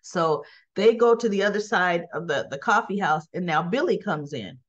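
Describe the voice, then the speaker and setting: A woman's voice: on the low side, animated, moderate pace, lo-fi sound. A woman hosting a casual spoken recap of a soap opera episode. She rambles in a chatty way and fills her talk with "you know" and "um".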